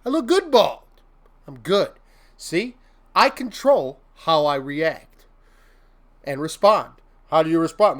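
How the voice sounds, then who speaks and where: A man's voice: a little high, sing-song, takes it slowly, pauses often, a bit bright. A man hosting a casual motivational livestream, rambling and laughing often, breaking into silly mock-venting with made-up curses. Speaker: host.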